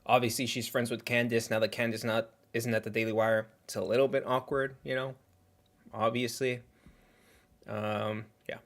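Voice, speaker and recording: A man hosts a casual livestream and comments on clips in a loose, rambling way. He sometimes talks while chewing. His voice sits at an ordinary, middle pitch. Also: little pitch movement, moderate pace, fairly bright tone. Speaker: livestream reaction host.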